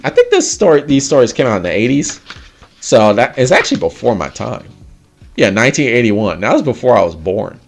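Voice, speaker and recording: A man hosting a casual livestream chat, animated, laughing often and swearing casually. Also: on the low side, gravelly, husky. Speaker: livestream host.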